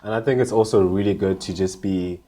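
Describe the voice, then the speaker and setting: A young man from Zimbabwe with a very low, deep voice answers questions as a guest. He speaks in an easygoing, reflective way, with frequent fillers like "like.". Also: fairly even intonation, a little fast, warm tone. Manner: thoughtful, easygoing, lots of "like". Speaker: guest, conference organizer. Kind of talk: casual interview answers.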